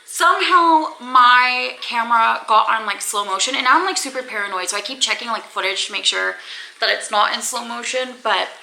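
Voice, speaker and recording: Chatty young woman vlogging, bright edgy voice. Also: on the high side, a little fast, gravelly. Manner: chatty, rambling, many "like"s and laughs. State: teary, crying. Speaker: book vlogger. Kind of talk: casual reading vlog to camera. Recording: echoey room, faint background noise.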